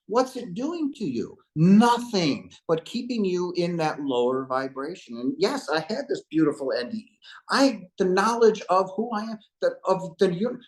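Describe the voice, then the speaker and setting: Impassioned man in his fifties. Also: high-pitched. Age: 50s. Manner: impassioned, preacher-like address to listeners. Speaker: guest. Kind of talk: emotional spiritual testimony.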